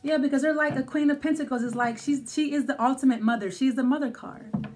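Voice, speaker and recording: A woman's voice: high-pitched, steady tone, fairly quick, a little mellow. A woman giving a casual tarot reading, thinking aloud with many restarts and fillers. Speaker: tarot reader.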